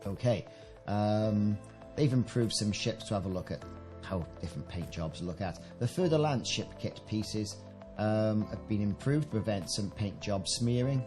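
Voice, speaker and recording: A man's voice: fairly low pitch, normal speed, music in the background. A British man giving casual commentary on a game update, reading out patch notes and adding chatty, enthusiastic asides. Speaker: gaming video creator.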